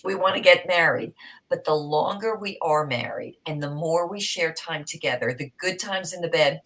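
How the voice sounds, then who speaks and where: Middle-aged lady on a podcast panel, low voice, heartfelt and a bit teary, goes whispery at times. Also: low-quality recording. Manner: heartfelt, emotional, slips into a soft whisper. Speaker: panel guest. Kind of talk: personal storytelling on a podcast panel.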